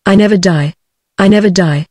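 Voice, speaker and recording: A text-to-speech voice reading the lines of a synthetic man who cannot die, in flat machine speech with a dry sound. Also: mid-range voice, brisk, no echo, lightly acted. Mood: shrieking. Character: headless synthetic man shrieking in rage.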